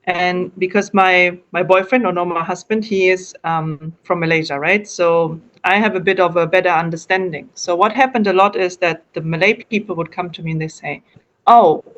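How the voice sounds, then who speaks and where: A woman's voice: fairly low pitch, fairly even intonation, normal speed, hardly any pauses, fairly bright tone, lo-fi sound. German woman giving hesitant, thoughtful answers. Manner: hesitant, self-correcting, explains at length. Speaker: interviewee. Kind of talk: casual interview answers.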